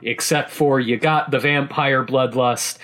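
A man chatting casually about a video game, excitable and rambling, with many restarts and laughs mid-sentence. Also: mid-range voice, unhurried. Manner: casual swearing.

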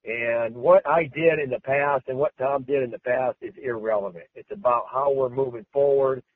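A man's voice: medium pitch, moderate pace, slightly rough, dry recording. A male American wrestling coach answering questions, emphatic and repetitive, with many restarts. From United States. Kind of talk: press interview. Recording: tinny phone-like sound.

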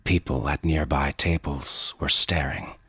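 A male narrator reading fiction in a deliberate, even way. His voice sits low and moves slowly, very husky and breathy, with a bright, forceful edge. The sound is dry and close. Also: dry recording. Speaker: story narrator. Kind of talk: scripted narration.

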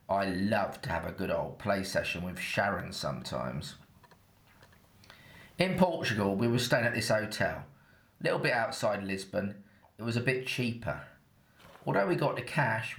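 A man's voice: on the low side, vocal fry, fairly bright tone, roomy sound. An English man with a slight Essex accent, telling his own story in a chatty, matter-of-fact, slightly cheeky way. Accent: Essex-tinged English. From England. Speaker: narrator. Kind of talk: first-person scripted storytelling.

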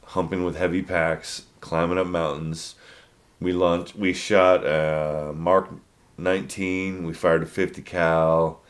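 A man in his forties, a podcast co-host, telling military stories in casual chat, swearing freely and acting out shouted drill instructor lines. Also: low-pitched, flat delivery, slow. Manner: storytelling, acts out drill instructors loudly.

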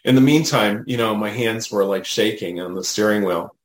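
Man, low voice, casual storytelling, animated, "you know" habit, echoey room. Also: normal speed. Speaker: guest, medium.

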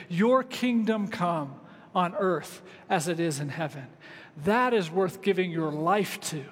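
High-voiced pastor preaching in a reverberant hall. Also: male voice. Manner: conversational, relaxed preaching with casual asides. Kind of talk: sermon. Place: church sanctuary.

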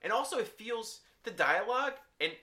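Man, casual chat, very bright sharp tone, lively pitch. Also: normal speed. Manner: agreeable, swears, laughs easily. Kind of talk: casual chat reviewing a TV show.

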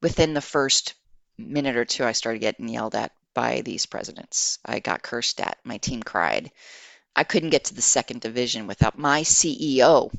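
A woman guest, an HR executive, telling a career story in an animated, conversational way. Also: extremely low pitch, normal speed, vocal fry, no echo. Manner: animated, acts out quoted dialogue.

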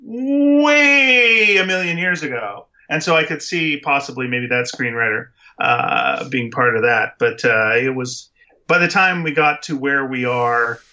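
A man's voice: mid-range voice, moderate pace, sharp tone, highs cut off. A man co-hosting a podcast, chatting casually about a movie in a rambling, emphatic way full of restarts. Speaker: podcast co-host. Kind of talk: casual movie review chat.

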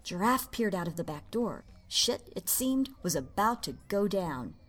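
A woman narrating a story in an expressive, playful reading. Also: mid-range voice, measured pace.

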